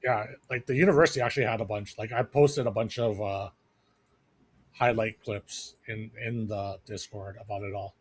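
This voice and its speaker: A man co-hosts a podcast, rambling through casual chat full of fillers and restarts. His husky voice sits fairly low, with fairly even intonation and a normal speaking speed.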